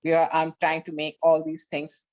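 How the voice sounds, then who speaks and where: A woman's voice: sits low, completely flat delivery, moderate pace, a little mellow, muffled recording. A woman real estate agent co-hosting a casual discussion, candidly telling stories about her own work and temper.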